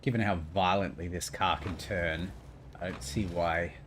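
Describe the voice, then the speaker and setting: A man's voice: low-pitched, measured pace, background noise. A man giving casual gameplay commentary, thinking aloud as he plays, often mumbling and trailing off. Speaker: gameplay streamer.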